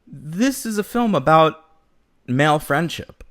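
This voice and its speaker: A man's voice: a little high, expressive, unhurried, a bit bright. A man co-hosting a film podcast in casual chat, acting out movie lines in mock voices as he retells scenes. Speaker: podcast co-host.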